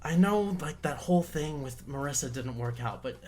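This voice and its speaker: A man's voice: on the high side, lively intonation, moderate pace, a little mellow, faint music behind, lightly acted. A man doing a chummy, coaxing guard buddy. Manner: coaxing and casual.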